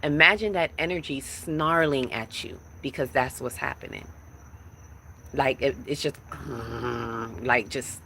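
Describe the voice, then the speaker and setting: A woman's voice: a bass voice, a little slow, fairly bright tone, a little hiss or hum. A woman giving a live-streamed spiritual talk, emphatic and repetitive, speaking straight to her viewers. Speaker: livestream spiritual teacher.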